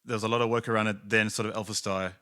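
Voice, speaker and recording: A man's voice: on the low side, flat delivery, rapid-fire, pushed and bright, no echo, clean studio sound. A man hosting a podcast, asking short questions and clarifying terms for listeners. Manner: brief prompts and clarifications for listeners. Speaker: podcast host. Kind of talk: casual interview.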